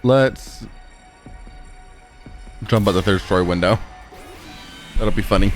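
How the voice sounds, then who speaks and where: A man's voice: on the low side, slow, soft background music. A man streaming a story game live, reading it aloud and chatting playfully with his viewers.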